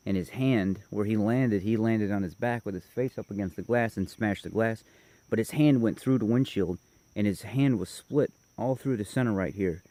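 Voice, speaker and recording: A man's voice: fairly low pitch, dark tone, no room sound. A man casually telling a long personal story, rambling and correcting himself as he goes. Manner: rambling, self-correcting, detailed.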